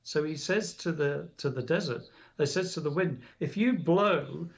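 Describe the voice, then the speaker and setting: A man's voice: on the high side, normal speed. A man giving an earnest spiritual talk as a radio guest, retelling a story with quoted dialogue. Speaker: guest speaker on spiritual alchemy. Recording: dull lo-fi radio audio.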